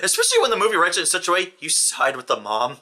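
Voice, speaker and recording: Young guy co-hosting a movie review, higher voice, super bright and sharp, rants a lot. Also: very fast. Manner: animated, ranting, slips into impressions. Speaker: co-host reviewing a film. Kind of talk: casual chat.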